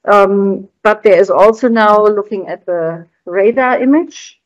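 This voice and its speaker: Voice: medium pitch, a little slow, no echo, dull audio. A researcher giving a conference presentation, explaining graphs on slides in a hesitant, word-searching way.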